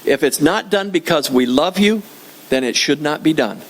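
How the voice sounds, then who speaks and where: A man's voice: on the high side, animated, moderate pace. An older man preaching a sermon in a church, conversational and joking, often repeating his phrases. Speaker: pastor.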